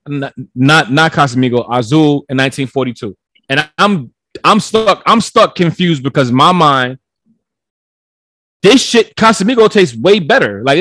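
A man's voice: a little high, a bit bright, no room sound. Laid-back man in dry casual chat.

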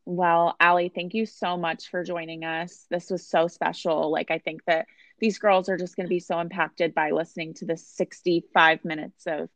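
A woman's voice: fairly low pitch, level tone, normal speed, fairly bright tone, no room sound. A young woman co-hosting a podcast, playful and chatty as she asks questions and wraps up. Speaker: podcast co-host. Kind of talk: casual podcast chat.

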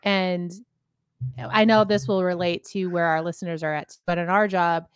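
A woman's voice: lowish voice, level tone, moderate pace, clean tone, no room sound, studio quality. A woman co-hosting a faith podcast, chatty and easygoing, sometimes hunting for the right word. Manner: chatty, searches for words, laughs easily. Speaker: podcast co-host. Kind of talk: casual podcast chat.

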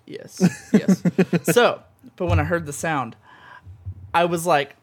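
Excitable man gushing in casual chat. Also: a little high, a little slow. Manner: excitable and gushing, full of "like" and "um" fillers. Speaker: podcast co-host.

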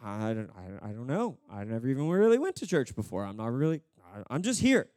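A man's voice: mid-range voice, big pitch swings, brisk, a little mellow, no echo, studio quality, pitched below the performer's own voice, close to an everyday voice. A man voicing a confused thief who has just arrived in heaven, mumbling and unsure. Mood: bewildered.

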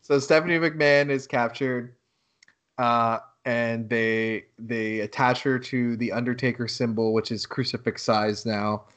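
Animated, swearing male podcast co-host. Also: medium pitch, measured pace. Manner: animated storytelling, heavy swearing, bursts of laughter. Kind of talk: casual podcast chat.

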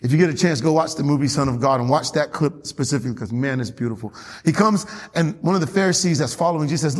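A man preaching a sermon as pastor, animated, laughing often and pushing his voice up for emphasis. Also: fairly high pitch, fast talker, few pauses, slight background noise. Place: church sanctuary. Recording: long hall reverb.

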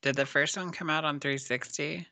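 Bright-voiced man asking quick questions. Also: fairly high pitch, steady tone, no room sound. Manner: short reactive interjections and questions. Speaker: podcast co-host. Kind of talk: casual chat.

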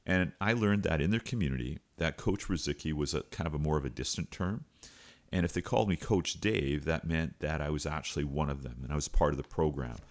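On his podcast, a Canadian man in middle age who works as a host and coach shares a story in a laid-back, chatty manner. He has an unusually deep voice, and he often drops in fillers and begins his sentences over again.

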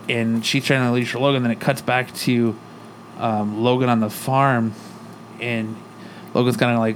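On a podcast, a male co-host casually retells a comic book story, voicing the characters' lines in his own voice. He has a mid-range voice and a steady tone at a moderate pace. A little hiss or hum is audible.

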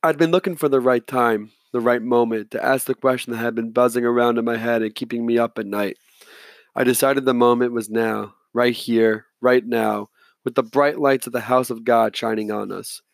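A man reads an audiobook chapter in the first person with a measured, steady delivery. His voice is mid-pitched and recorded close and dry. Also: gravelly, dry recording. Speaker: audiobook narrator. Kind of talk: scripted first-person narration.

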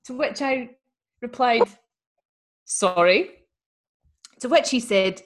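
A woman's voice: fairly high pitch, animated, slow, long pauses. Woman, podcast co-host, casual chat, reads a letter aloud, wry. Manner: chatty and wry, laughs easily.

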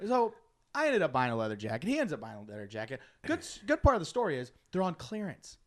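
A man telling a long story in casual chat, animated, laughing often and acting out his friends' lines. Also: on the high side, quick pace.

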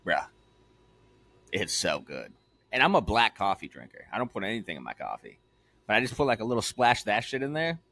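Young guy on a podcast, lots of swearing, bouncy up and down voice, kinda low, dry close sound. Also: sing-song, brisk, vocal fry, pushed and bright, no echo. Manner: loose, profane, joking. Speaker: podcast co-host. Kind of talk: casual podcast chat.

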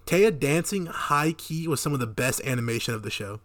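A man's voice: mid-range voice, lively intonation, brisk, fairly bright tone. A man co-hosting a podcast, recapping an anime in a crude, joking way and mocking the characters in put-on voices. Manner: profane, jokey, does mocking character voices. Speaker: podcast co-host.

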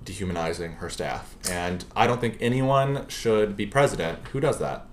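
A man's voice: on the low side, lively intonation, normal speed. A man in a casual political podcast chat, earnest and firm in his opinions.

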